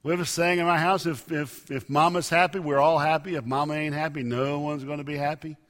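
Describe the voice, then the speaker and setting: High bright-voiced preacher in a reverberant hall. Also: male voice, steady tone, fairly quick. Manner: emphatic preaching with sudden loud rises and soft drops. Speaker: pastor. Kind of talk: sermon. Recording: long reverb of a large hall.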